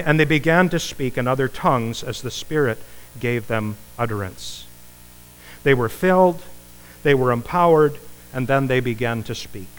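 Animated pastor in an echoing hall. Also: male voice. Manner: animated, rising pitch when stressing points, repeats words. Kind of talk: sermon. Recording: long reverb of a church hall.

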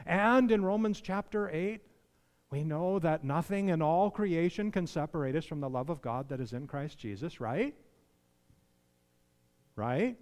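A man's voice: fairly high pitch, lively intonation, a little slow, darkish tone, smooth. A man preaching a sermon, conversational and then emphatic, asking his listeners questions. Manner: conversational, rising to emphatic pleading when voicing others. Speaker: pastor. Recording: long hall reverb.

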